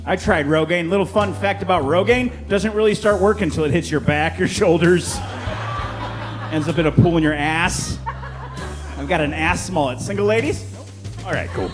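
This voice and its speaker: A man's voice: sits high, normal speed, faint music behind. A man from Chicago performing a stand-up comedy set on a club stage, brash and punchy, working the crowd. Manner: crowd work, brash punchy delivery with swearing. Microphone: handheld stage mic.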